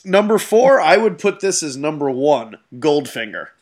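A man's voice: on the high side, very animated, moderate pace. A man in casual chat, easygoing, laughing often and trailing off with fillers.

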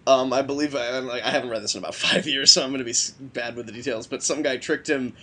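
A man's voice: mid-range voice, steady tone, quick pace, pushed and bright, husky. Hesitant man retelling a comic plot. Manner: loose, hesitant storytelling with many "like"s. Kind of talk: casual chat about comics.

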